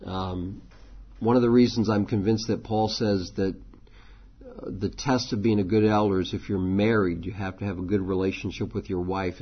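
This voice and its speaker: Husky guy teaching a church class, chatty with lots of ums, dull lo-fi sound. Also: low-pitched. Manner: conversational, frequent ums and restarts.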